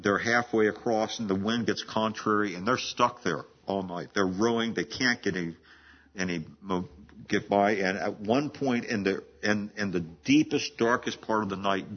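A man's voice: fairly low pitch, lo-fi sound. A man in his seventies preaching a sermon in a conversational, storytelling way, often restarting phrases and laughing. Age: 70s. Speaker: pastor.

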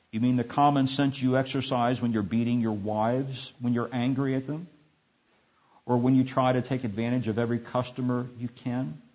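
A man voicing a calm, firm old prophet, speaking low and quiet in a husky voice on a dull recording. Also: lightly acted.

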